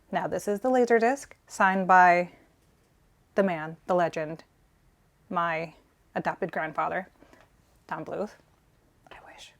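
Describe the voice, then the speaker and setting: A woman in her forties co-hosting a collectors' vlog, telling a story in an earnest, sentimental, gushing way. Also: medium pitch. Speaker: collector co-host.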